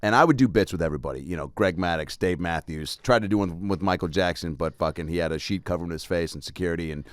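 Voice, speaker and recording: A man's voice: sits low, quick pace, hardly any pauses, no room sound. A man in his late thirties hosting a comedy podcast, telling stories and acting out bits. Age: 30s. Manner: storytelling, doing voices and bits. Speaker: podcast host. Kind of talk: casual comedic chat.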